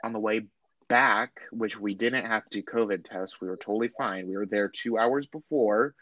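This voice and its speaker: A man's voice: fairly low pitch, moderate pace, no echo, lo-fi sound. A young man telling a story to friends in casual chat, acting out the people he quotes. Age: young adult. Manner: animated, acts out quoted voices.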